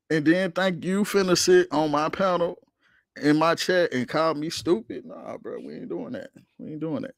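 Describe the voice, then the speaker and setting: A man's voice: a little high, a little slow, creaky, fairly bright tone, no room sound, studio quality. A man hosting a livestream, arguing with his chat in a heated, profane, slangy rant. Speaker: streamer host reacting to chat.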